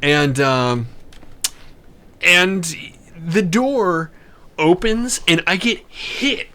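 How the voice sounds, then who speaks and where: A man telling a wild personal story in a casual, animated, profane way, with many restarts. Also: sits high, slow pace.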